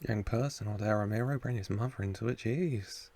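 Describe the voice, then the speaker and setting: A man's voice: on the low side, moderate pace, music in the background. A man hosting a reaction video, chatting casually, laughing often and talking back to the screen.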